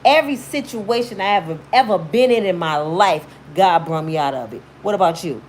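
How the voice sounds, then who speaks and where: A woman's voice: on the low side, lively intonation, brisk, slight background noise. A woman in her fifties giving blunt, emphatic, sermon-like motivational commentary on her YouTube channel.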